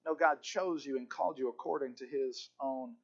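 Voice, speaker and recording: A man's voice: medium pitch, moderate pace. A male pastor preaching a sermon with emphatic repetition and occasional stammered restarts. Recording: dull lo-fi recording.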